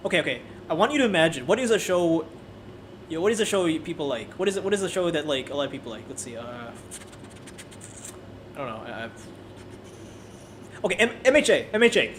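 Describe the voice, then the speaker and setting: A man giving a casual, animated and profane ranting review, often restarting his sentences. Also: a little high, fast talker, pauses often, background noise. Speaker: anime video creator.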